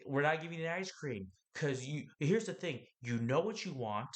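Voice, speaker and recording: Animated man preaching self-improvement. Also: a little high, moderate pace. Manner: animated and preachy, asks the listener questions, acts out other people's lines; rambling, with laughs and restarts. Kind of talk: motivational podcast monologue.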